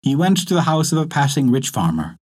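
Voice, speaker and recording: Man, storyteller, husky voice, lively lilting narration, folktale reading. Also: a little high, a little fast.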